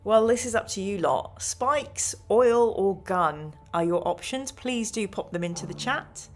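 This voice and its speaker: A woman leads a gamebook play-through on a live stream, reading the passages aloud and tallying her viewers' votes. She talks at an unhurried pace in a mid-pitched voice, with faint music playing quietly behind her. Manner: chatty, reads aloud, counts votes.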